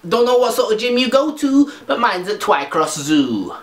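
A man's voice: high voice, big pitch swings, normal speed, a bit bright, roomy sound. Sweary, sarcastic man ranting. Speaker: vlogger. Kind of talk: comedic rant vlog.

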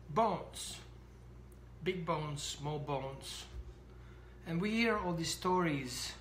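Animated dog trainer in an echoey room. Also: mid-range voice, very slow, long pauses, a little hiss or hum. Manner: animated, acts out scenes. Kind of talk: explanatory talk to camera.

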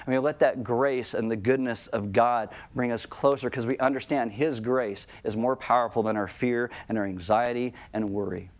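A middle-aged man preaching a sermon to his congregation in a conversational tone, slowing right down on key lines. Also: medium pitch, darkish tone. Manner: conversational preaching, slows down for emphasis. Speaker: pastor.

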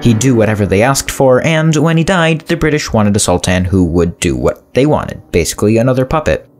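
A man reads a scripted history explainer in a lively, swooping voice. He keeps stepping out of the story with wry asides to the viewer. Faint music plays softly underneath. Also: medium pitch, fairly quick. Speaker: narrator of a history explainer channel. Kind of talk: scripted narration.

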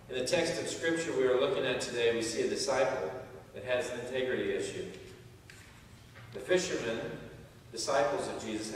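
A man's voice: mid-range voice, distant mic, a little hiss or hum. A man preaching a sermon as pastor, telling stories and jokes and acting out the voices of the people in them. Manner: storytelling with jokes, acts out quoted voices. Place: large church sanctuary. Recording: echoey church hall heard from afar.

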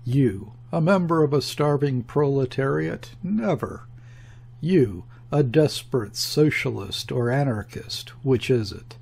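A man's voice: mid-range voice, lively intonation, unhurried, vocal fry, breathy edge, heavily acted. A man voicing a mocking, condescending male embassy secretary who speaks sharply and grimly in an audiobook reading. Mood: scornful. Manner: sharp, grim, sneering.

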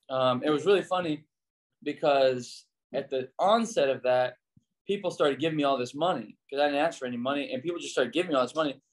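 A man, a pastor and former missionary, telling stories casually as an interview guest and acting out the dialogue in them. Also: fairly high pitch. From United States. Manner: animated storyteller, acts out quoted dialogue in a raised voice.

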